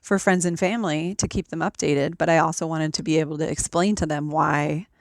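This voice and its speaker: A woman talking in a relaxed conversation over a remote call, explaining things step by step with frequent ums. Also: sits low, a little fast, vocal fry, no echo. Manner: methodical, explanatory, with many ums. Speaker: podcast guest. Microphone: remote call recording.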